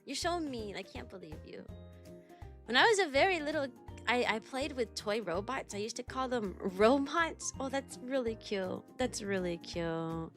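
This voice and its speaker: A woman's voice: fairly high pitch, normal speed, soft background music. A young woman streaming as a kindergarten teacher, chatting casually and animatedly with many fillers. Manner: rambling and animated, many fillers, laughs often. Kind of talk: casual livestream chat.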